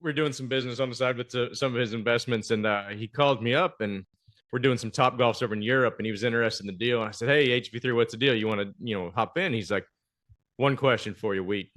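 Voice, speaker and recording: Male podcast host, bright tone, animated casual storyteller who voices the other guys. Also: quick pace. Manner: animated storyteller, acts out quoted banter with big pitch jumps.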